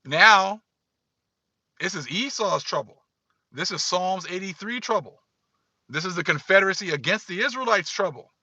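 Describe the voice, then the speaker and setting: A man's voice: sits high, animated, normal speed, long pauses, pushed and bright, no echo, dull audio. A man giving casual livestream commentary, emphatic and repetitive, talking straight to his viewers. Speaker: online commentator.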